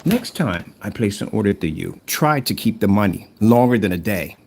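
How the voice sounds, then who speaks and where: A man's voice: on the low side, moderate pace, gravelly, darkish tone, slight background noise. A man delivering a mocking, repetitive callout rant against a rival seller. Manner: taunting, mocking, repeats himself. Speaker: YouTuber calling out a rival seller.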